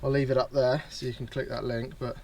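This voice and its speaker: A man's voice: mid-range voice, flat delivery, a little fast, background noise. A man giving a casual, self-mocking walkthrough of his campervan bed and cooking setup, chatting as he works. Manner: chatty, self-mocking, talks while doing tasks. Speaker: van owner showing his setup. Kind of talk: casual demo chat. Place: inside a parked campervan at home.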